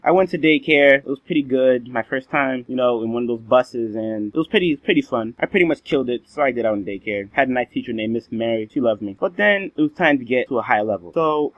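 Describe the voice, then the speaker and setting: Brief: bragging comic storyteller, man, mid-pitched, dull lo-fi sound. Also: dry recording. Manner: boastful, slangy, playful exaggeration. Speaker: vlog storyteller. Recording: dull lo-fi dry recording.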